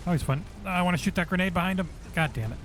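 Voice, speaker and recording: A man streaming a game for charity on a headset mic, chatting excitedly with viewers and swearing freely. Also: high voice, very fast, a little hiss or hum. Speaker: charity livestream gamer. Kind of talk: casual game-stream commentary. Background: game music.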